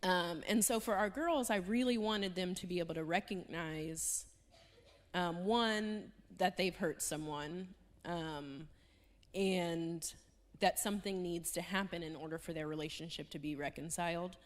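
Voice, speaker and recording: A woman, speaking as a church speaker in a panel talk, soft-spoken and earnest with many fillers. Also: on the low side, unhurried.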